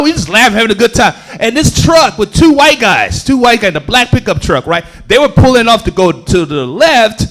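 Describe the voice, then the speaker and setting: A stand-up comedian from Houston, Texas, telling animated stories on a comedy club stage and acting out the people in them. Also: male voice, extremely high pitch. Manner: animated storytelling with acted-out voices.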